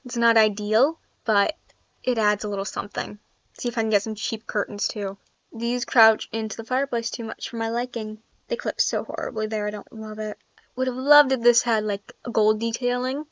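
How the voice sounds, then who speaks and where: A woman's voice: a little high, flat delivery, moderate pace, fairly bright tone, no echo. Chatty woman narrating a build game. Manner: chatty, thinks aloud, laughs often. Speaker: gaming YouTuber. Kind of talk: casual gameplay commentary. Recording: dry, slightly dull sound.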